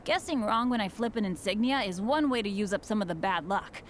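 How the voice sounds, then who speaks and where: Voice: medium pitch, lively intonation, brisk, faint music behind, close to an everyday voice. An actor voicing an upbeat, unlucky teenage boy adventurer in a video game, eager and cheerful. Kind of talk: game voice acting.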